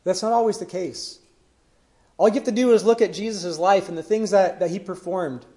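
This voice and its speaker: A man's voice: high-pitched, moderate pace, mellow. A man preaching a sermon in an earnest way, building emphasis through questions. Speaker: pastor.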